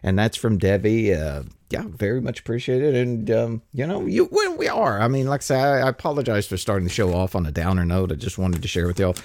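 A man's voice: on the low side, animated, fairly quick, few pauses, a little mellow, dry recording. A man hosting a podcast alone, rambling through listener mail with restarts and chuckles. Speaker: podcast host. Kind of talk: casual solo podcast monologue, reading listener mail.

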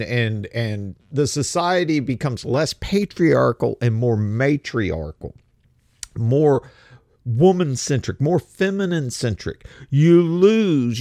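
Gravelly, animated male commentator. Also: mid-range voice, dry recording, clean studio sound. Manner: halting, repeats words, restarts phrases. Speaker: political commentator. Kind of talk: casual commentary monologue.

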